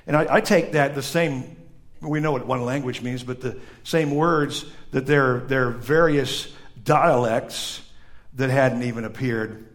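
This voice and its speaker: A man's voice: medium pitch, steady tone, measured pace. A man from northern Illinois farm country with a Midwestern accent, preaching a conversational sermon and joking with the congregation. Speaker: pastor. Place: church.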